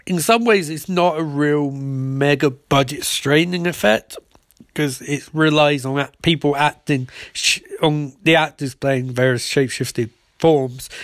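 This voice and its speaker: A man's voice: a little high, unhurried, dry recording, clean studio sound. A man recapping and reviewing a TV episode in a casual, rambling way, sarcastic and full of swearing. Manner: sarcastic and profane, loose rambling delivery.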